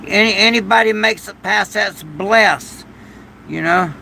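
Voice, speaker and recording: An older man with a deeply gravelly, rough voice that sits high for a man and cuts through sharply. He talks slowly and rambles through a casual livestream, breaking into loud thanks for his viewers. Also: a little hiss or hum, low-quality recording. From United States. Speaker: livestream host. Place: shed during a storm.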